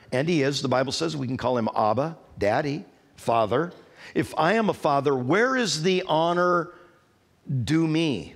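A middle-aged man preaching a sermon to a church congregation, rising to loud, emphatic declarations and then dropping low. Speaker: pastor. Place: church sanctuary.

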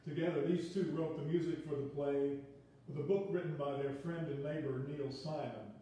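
A man welcomes the audience in a relaxed, easygoing manner. His voice is mellow and fairly high. It is recorded from a distance in a very echoey room. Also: moderate pace. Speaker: performer introducing the show. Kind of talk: casual introduction. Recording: echoey room, far from the mic.

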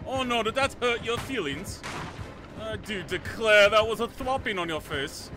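A man doing a put-on posh English accent, voicing a haughty, old-fashioned gentleman with florid, mock-formal lines. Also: high-pitched, animated, moderate pace, voice pushed up. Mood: mock-apologetic. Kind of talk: comic role-play while streaming a game. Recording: game music behind the voice.

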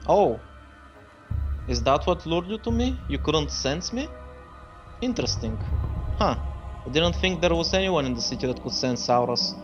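A man's voice: fairly high pitch, expressive, moderate pace, long pauses, music in the background, lightly acted. A man doing a polite, evasive stranger in rags. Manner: courteous, evasive, mild. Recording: dull lo-fi sound.

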